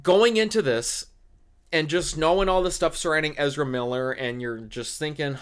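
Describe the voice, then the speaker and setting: A young man co-hosting a podcast, ranting excitedly in casual chat and swearing constantly as he keeps exclaiming. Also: on the high side, takes it slowly, pauses often. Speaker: podcast co-host.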